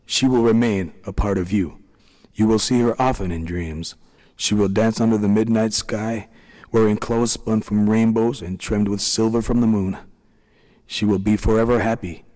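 A man's voice: fairly low pitch, lightly acted. A man voicing a kind, soothing leader of the little people, a small middle-aged man. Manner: gentle, soothing.

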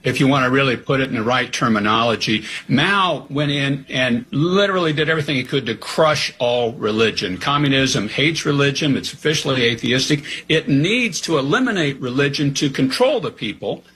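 A man being interviewed as a guest, explaining bluntly and forcefully. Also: medium pitch, expressive, normal speed, few pauses, breathy edge, poor audio. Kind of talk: interview talk.

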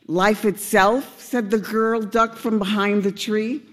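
A man narrating a storybook tale in a gentle, unhurried way. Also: sits high, flat delivery, long reverb tail.

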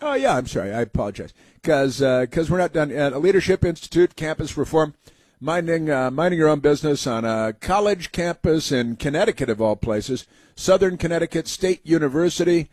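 A man's voice: a little high, lively intonation, a little fast, a little mellow, dry recording. A man hosting a talk show, giving sarcastic, rambling commentary with many fillers.

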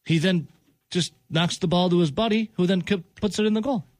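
Man, high voice, dry close sound, exasperated sports rant, repeats himself for emphasis. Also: fairly quick, no echo. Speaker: sports radio host. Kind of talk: heated sports talk rant.

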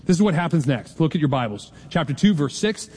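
A man in his forties preaching a sermon in a conversational, joking way, with quick asides to the congregation. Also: a little high, lively intonation, darkish tone, breathy edge, big-room sound. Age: 40s. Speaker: pastor.

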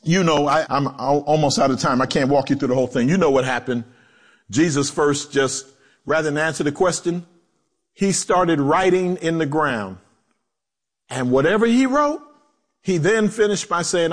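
A male pastor preaching a sermon, animated, acting out quotes in low voices and joking with the congregation. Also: normal speed. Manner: animated preaching with swooping pitch and dramatic drops.

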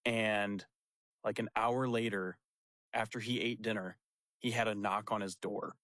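A man's voice: lowish voice, unhurried, no room sound. Young guy pastor telling a story, acts out voices, laughs a lot, dry close sound. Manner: animated, laughing storyteller who acts out quotes. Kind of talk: casual storytelling chat.

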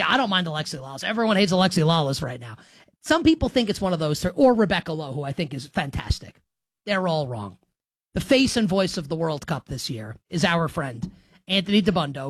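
A man hosting a sports betting talk show on the radio, energetic, joking and fast-talking. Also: high-pitched, no room sound. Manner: energetic, jokey, quick-talking.

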